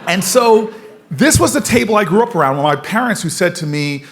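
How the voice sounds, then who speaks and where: A man in his forties from the United States giving an energetic storytelling speech at a forum, laughing often as he moves around the room. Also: sits high, fairly quick. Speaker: political speaker at a forum.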